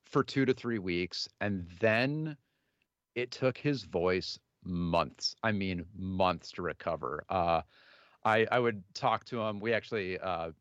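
A man in his thirties, a musician, answering interview questions casually, in a halting way with many fillers and restarts. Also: low voice, fairly bright tone, no room sound, muffled recording. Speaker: musician guest.

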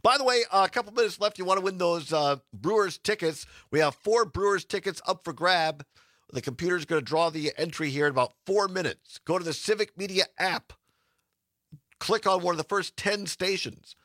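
A man's voice: high-pitched, a little fast, a bit bright, no echo, clean studio sound. A man hosting a casual radio talk show, chatty and laughing often as he reads promos.

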